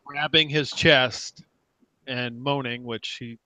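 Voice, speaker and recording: A man's voice: mid-range voice, steady tone, takes it slowly, very noisy. A man playing a tabletop game, describing his character's actions with dry jokes. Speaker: player. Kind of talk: casual tabletop play.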